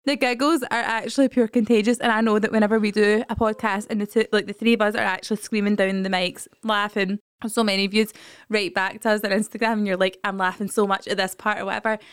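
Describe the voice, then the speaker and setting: A woman's voice: medium pitch, level tone, quick pace, hardly any pauses, clean tone, no echo. Playful Scottish woman, dry sound. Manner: playful, teasing. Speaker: podcast co-host. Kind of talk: casual chat.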